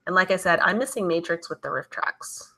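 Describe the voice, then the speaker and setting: A woman hosts a casual live stream with a bright, forceful tone that sits a little low in pitch. She reads her viewers' comments aloud and answers them in a loose, chatty way. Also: a little fast, gravelly. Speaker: livestream host reading viewer chat.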